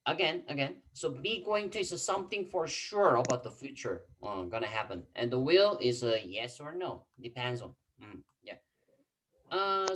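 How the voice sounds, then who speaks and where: A male teacher whose first language is Korean explains in a bouncy, lively voice over a video call. He repeats himself often and drops quiet "mm-hmm"s between his points. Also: medium pitch. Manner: repeats key phrases, fills pauses with mm-hmm. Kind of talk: online class explanation.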